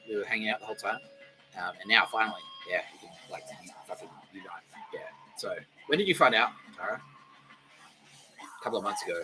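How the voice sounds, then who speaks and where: Sharp-voiced man rambling, swearing. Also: medium pitch, low-quality recording. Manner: profane, rambling, laughs often, drops to a mutter. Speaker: podcast host. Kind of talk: rambling casual monologue.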